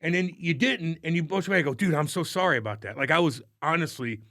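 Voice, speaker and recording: A man co-hosting a podcast, telling stories in casual chat, swearing a lot and acting out what people said with loud bursts. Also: a little high, fast, no echo, clean studio sound. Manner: animated storyteller, acts out quotes loudly, swears often. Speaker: podcast co-host.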